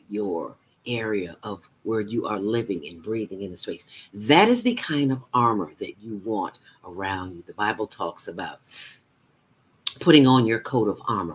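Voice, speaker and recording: A woman's voice: a bass voice, breathy edge. A woman guiding a morning breathing meditation, playful and chatty, talking to herself and dropping into whispers. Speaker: mindfulness teacher.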